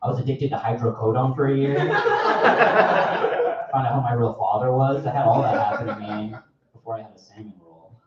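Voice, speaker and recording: A man's voice: medium pitch, fairly even intonation, fairly quick, over a noisy crowd. A young man doing a stand-up set in a comedy club, talking in an offhand, rambling, self-mocking way. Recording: echoey, distant, dull live club recording.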